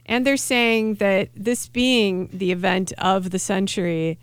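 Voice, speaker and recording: A woman's voice: mid-range voice, fairly even intonation, slow pace, clean tone, no echo, clean studio sound. A woman co-hosting a casual radio food chat, wry and chatty, often restarting her sentences. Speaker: co-host, food writer.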